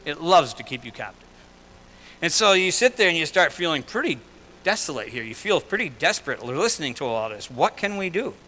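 Bright-voiced male preacher, dynamic delivery. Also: on the high side, sing-song, brisk, poor audio. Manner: loud and soft by turns, paraphrasing scripture conversationally. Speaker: pastor. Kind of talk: sermon.

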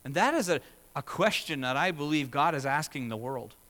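A man's voice: on the high side, animated, a little fast, a bit bright, long reverb tail. A man pastor preaching a sermon in a church, asking his listeners rhetorical questions and building to emphatic passages.

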